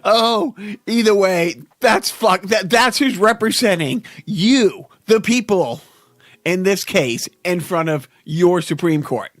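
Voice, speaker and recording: A man's voice: high-pitched, lively intonation, slow, fairly bright tone, no room sound, studio quality. A man hosting a podcast in casual chat, ranting in a sardonic way. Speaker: podcast host.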